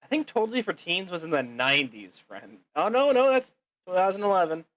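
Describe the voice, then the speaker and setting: Slightly high-voiced joking man. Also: very animated, a little fast, fairly bright tone, poor audio. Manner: jokey, quizzical, goofy interjections. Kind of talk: casual chat while gaming.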